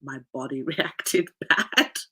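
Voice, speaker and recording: Congested nasal lady coach rambling on a podcast, husky voice, pitch bouncing all over. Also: sing-song, slow pace, bright, forceful tone. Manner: rambling, chatty, laughs often. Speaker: life coach. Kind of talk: casual podcast chat.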